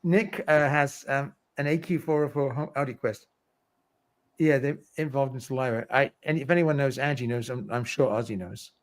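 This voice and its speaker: A man's voice: mid-range voice, normal speed. A middle-aged man hosting a livestream, chatting casually, reading viewer comments aloud and laughing often. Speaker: livestream host.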